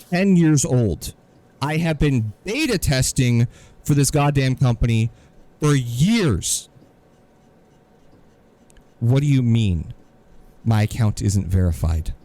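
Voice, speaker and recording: Animated exasperated man ranting. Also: fairly low pitch. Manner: exasperated storytelling, sarcastic. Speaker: podcast co-host. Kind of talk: casual ranting podcast chat.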